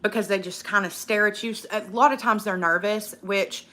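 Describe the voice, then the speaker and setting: A young woman hosts a casual eating livestream, speaking at normal speed in a medium-pitched, steady, sharp voice. Outspoken and profane, she rants and reads viewer comments aloud.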